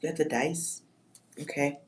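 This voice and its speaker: A livestream psychic reader speaks in a low, steady, unhurried voice while reading for her chat. Musing along, she reads words out, spells some, and swears offhand.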